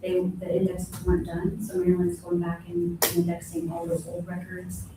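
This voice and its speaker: A woman's voice: fairly low pitch, monotone, moderate pace, noisy background. Woman in an echoey meeting room. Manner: plainspoken, matter-of-fact, self-correcting. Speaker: county clerk. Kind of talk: budget presentation at a public meeting. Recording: very echoey room from a distant mic.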